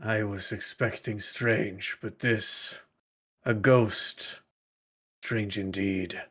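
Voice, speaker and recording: A man's voice: lowish voice, fairly even intonation, very slow, a bit bright, voice pushed down, exaggerated voice. A man playing a reserved knight in a tabletop game, muttering solemnly under his breath. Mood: wary. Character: formal human male knight, reserved. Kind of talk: tabletop role-play.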